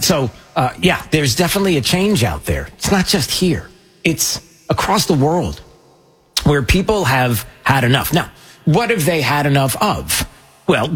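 This show host talks loosely and jokingly, filling his casual commentary with lots of filler words. He speaks at a medium pitch with a slight roughness.

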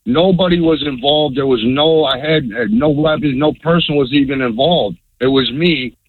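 A middle-aged man calling in to a radio show, earnest and halting, with many fillers. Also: fairly high pitch, slightly rough, dry recording. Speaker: radio caller. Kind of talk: call-in question. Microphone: telephone. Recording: tinny phone line.

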